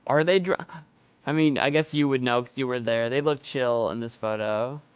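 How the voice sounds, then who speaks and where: A man streaming a game, chatting excitably and breaking into loud, incredulous exclamations. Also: mid-range voice, normal speed, smooth, no echo, muffled recording. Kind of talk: let's play commentary.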